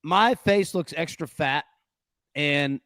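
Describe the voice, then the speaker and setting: A man hosts a sports betting show in loose, casual chat. He gets animated and excitable as he jokes and recaps games. His voice sits a little high, and the sound is dry and close. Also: slow, no room sound.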